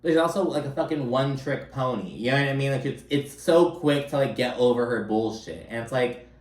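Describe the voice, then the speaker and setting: A man's voice: medium pitch, a little fast. A man giving a casual, profane recap of a reality TV episode, full of "like" fillers and sarcastic mock quotes. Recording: roomy echo, a bit off-mic.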